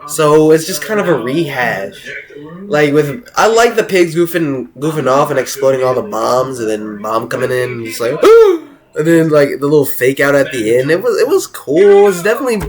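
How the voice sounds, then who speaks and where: A young man giving casual tier-list commentary as host, excited and rambling, with many restarts and slang. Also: mid-range voice, normal speed, a crowd in the background. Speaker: video host ranking cartoon episodes.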